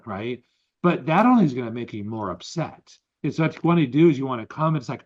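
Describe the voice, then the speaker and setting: A man co-hosts a podcast in casual conversation, talking a little fast in a mid-range voice and animatedly explaining ideas with examples and quotes. The audio is dull.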